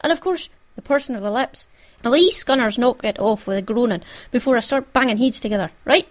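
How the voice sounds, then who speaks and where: A woman's voice: fairly high pitch, brisk, lightly acted. A woman doing a bossy, boastful wee Scottish clan chief. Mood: blustering. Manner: broad dialect, blustering and commanding. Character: small fierce Scottish pictsie chief, bossy and proud. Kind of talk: storybook reading.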